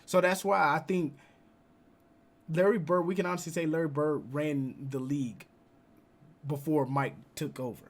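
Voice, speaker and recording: A man's voice: a little high, fairly even intonation, moderate pace, pauses often. Young man doing casual reaction commentary. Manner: casual, uses slang like "bro", argues points. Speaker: reaction video host.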